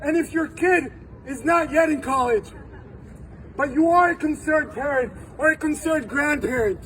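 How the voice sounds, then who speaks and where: Male, 40s, very high voice, slow fiery protest speech, shouting and choking up, distant mic with faint traffic. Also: gravelly. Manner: emotional, shouting, voice breaking with tears. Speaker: university employee giving a protest speech.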